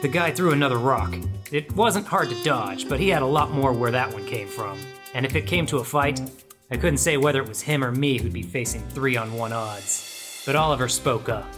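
A man's voice: mid-range voice, normal speed, over music, close to an everyday voice. A man voicing a wry hardboiled noir detective. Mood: dry. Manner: wry, deadpan hardboiled narration. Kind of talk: noir audio drama narration.

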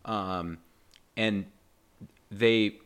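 A man with a very deep voice co-hosts a relaxed film podcast. He lays out his points in a measured, explanatory way. He drops in dry, deadpan jokes. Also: smooth. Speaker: podcast co-host. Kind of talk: casual movie discussion.

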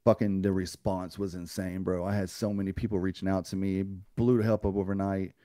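A man's voice: deep voice, little pitch movement, a little fast, warm tone, no echo, studio quality. A man guest on a podcast, telling a personal story in a blunt, profane way and acting out what others said to him. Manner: blunt and profane, acts out others' lines in a raised voice.

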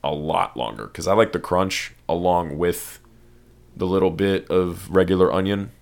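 A man with a very low, deep voice chats on a podcast. He talks loosely and rambles, and he swears freely as he explains things to a friend. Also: normal speed, vocal fry. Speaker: podcast host. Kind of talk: casual chat.

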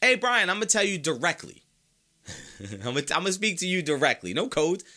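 A man's voice: a little high, very animated, a little fast, bright, forceful tone. A sick, congested man hosting a sports podcast, arguing his opinions emphatically and repeating his points for effect. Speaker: podcast host.

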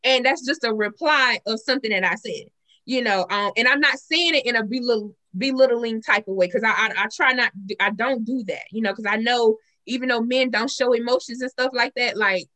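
A young woman in casual group talk, outspoken and animated, with a bright, slightly high voice. She swears freely and speaks her mind. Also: a little fast. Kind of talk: casual podcast chat.

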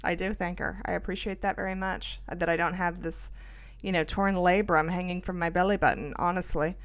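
A woman's voice: fairly low pitch, fairly even intonation, a little fast. A middle-aged woman hosting a podcast, telling a rambling, self-mocking story with lots of fillers. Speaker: podcast host. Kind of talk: casual storytelling monologue.

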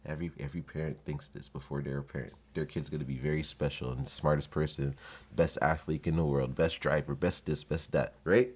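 A young adult man hosting a podcast, telling comic stories in a profane, animated way and acting out the people he quotes. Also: extremely low pitch, fairly quick, slightly rough. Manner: profane, animated, acts out quoted voices with laughs. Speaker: podcast host. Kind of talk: comedic storytelling monologue.

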